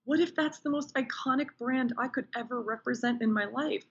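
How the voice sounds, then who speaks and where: A woman's voice: high voice, brisk, husky, dull audio. A woman talking as a podcast guest, telling personal stories with enthusiasm in a casual interview. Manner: enthusiastic, animated storyteller.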